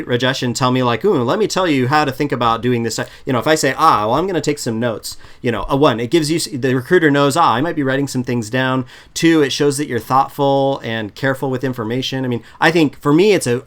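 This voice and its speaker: A man coaching on interview prep in a relaxed, chatty way, often restarting sentences, on a video call. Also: mid-range voice. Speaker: product management coach. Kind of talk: casual advice chat.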